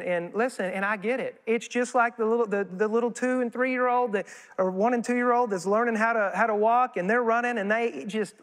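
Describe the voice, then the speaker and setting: A man preaching as a guest speaker, folksy and animated, telling stories and acting out quoted voices. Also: high voice. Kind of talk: sermon. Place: church sanctuary. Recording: long church hall reverb.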